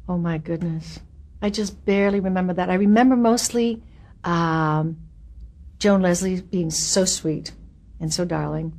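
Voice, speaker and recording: A woman in her seventies, an actress being interviewed, recalling her career in a candid, wry way with lively asides. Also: fairly low pitch, a little slow. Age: 70s. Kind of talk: reminiscing interview.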